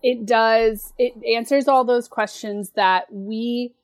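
Female podcast co-host, dry close sound, halting and searching casual chat. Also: on the high side, steady tone, no echo. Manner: hesitant, searching for words, many restarts.

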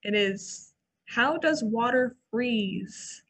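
A woman library staffer co-hosting a casual podcast, reading event listings and adding quick asides. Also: on the high side, animated, a bit bright, husky. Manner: chatty, reads listings then adds quick asides. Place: old brick library building.

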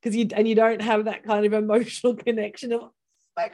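A woman coach in a casual chat, animated, acting out quoted dialogue and laughing often. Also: a little high, quick pace. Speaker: business coach.

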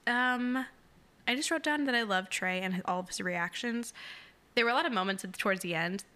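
A woman's voice: medium pitch, moderate pace, sharp tone. A young woman co-hosting a podcast in casual chat, bubbly and gushing, laughing often. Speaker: podcast co-host.

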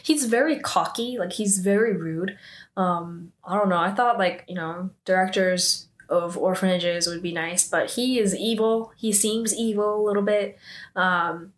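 A woman's voice: mid-range voice, steady tone, a little slow. Chatty woman casually recapping a drama. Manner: loose and chatty, full of "like" and "um" fillers; adds her own asides and opinions.

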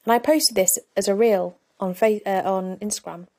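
A woman's voice: medium pitch, fairly even intonation, moderate pace, mellow. A woman coach hosting her own podcast, talking candidly and reflectively in a conversational way. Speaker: life coach and podcast host. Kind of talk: solo podcast talk.

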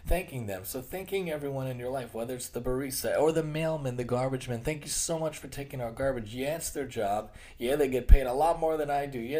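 A man speaks in a relaxed, unscripted podcast monologue with a mellow, darker tone. He is earnest and sometimes trips over a word and starts again. Now and then he acts out what other people say in a different tone. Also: medium pitch. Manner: earnest, repeats and restarts phrases; acts out quoted remarks in other tones. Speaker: podcast host; occupational therapist. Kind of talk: casual monologue.

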